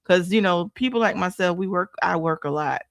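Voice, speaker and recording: A woman's voice: on the low side, brisk, vocal fry, dry recording. Affirming woman podcast host, dry sound. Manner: affirming, reads listener comments aloud. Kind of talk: casual podcast chat.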